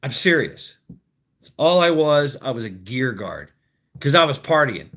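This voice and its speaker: A man in his thirties hosts a casual livestream and rambles to his viewers. He swears freely and laughs at his own jokes. His pitch moves all over the place, swinging up and down. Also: big pitch swings, a little slow, fairly bright tone. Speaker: livestream host. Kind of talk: casual livestream chat with chat readers.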